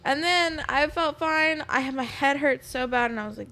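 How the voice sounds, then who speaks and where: A woman's voice: high-pitched, fairly even intonation, brisk, sharp tone. A young woman chatting casually as a podcast guest, telling a rambling story and acting out her own lines. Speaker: bartender guest. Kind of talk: casual chat.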